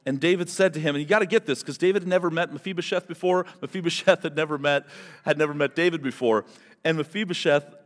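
A man preaching a sermon as pastor, in an animated, conversational way, often turning to people in the congregation. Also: on the high side, fast talker. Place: church hall. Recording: long hall reverb.

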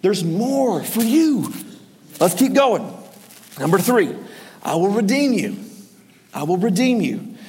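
A man preaching a sermon as pastor, energetic and urging the congregation to answer back. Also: a little high, slightly rough. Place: large church hall. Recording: reverberant church hall.

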